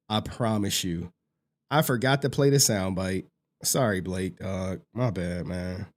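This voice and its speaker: A deep-voiced man hosts a livestream, reading out super chats at a measured pace. His commentary is excitable and full of slang, now and then breaking into shouts and laughter. The overall tone stays steady.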